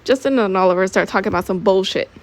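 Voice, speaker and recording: A woman's voice: medium pitch, fast. A teenage girl reading her own story aloud in a casual, offhand way, giggling at her own jokes. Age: teens. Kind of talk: casual amateur audiobook reading.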